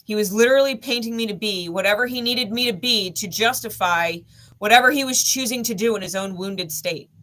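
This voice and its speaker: A woman with a bright, forward voice speaks candidly to her viewers. Her telling is blunt and heated, with plenty of swearing and hard emphasis. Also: mid-range voice, brisk. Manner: blunt and heavily profane, emphatic; heated, intense retelling. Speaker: spiritual content creator. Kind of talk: candid personal storytelling.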